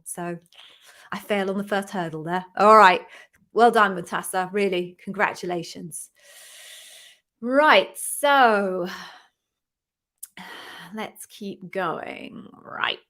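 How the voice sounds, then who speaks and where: Woman host, live-stream Q&A, encouraging and upbeat coach, middle pitch. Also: slow, pauses often, bright, forceful tone. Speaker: interview coach hosting a live Q&A.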